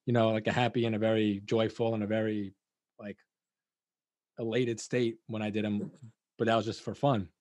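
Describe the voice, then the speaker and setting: A man's voice: lowish voice, flat delivery, moderate pace, pauses often, darkish tone, no echo. Guy hosting a podcast, lots of um and like, dry room. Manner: rambling, hesitant, many fillers. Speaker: podcast host. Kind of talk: casual chat.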